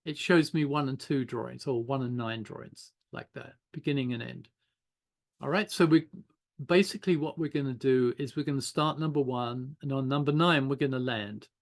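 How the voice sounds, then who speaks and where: A man's voice: medium pitch, moderate pace, creaky. Older man teaching animation, chatty. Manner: relaxed, chatty, thinking aloud while drawing. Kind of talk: informal online class demo.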